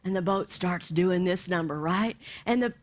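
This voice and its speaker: A woman minister giving a sermon, lively, acting out bits of the story and dropping to soft near-whispers for emphasis. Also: fairly low pitch, normal speed. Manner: animated, acts out voices, drops to soft near-whispers.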